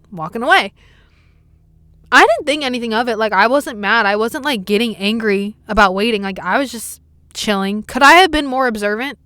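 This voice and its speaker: A young woman hosting a podcast, telling stories in casual chat, animated, swearing often and breaking into loud exclamations. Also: medium pitch, no echo. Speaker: podcast host.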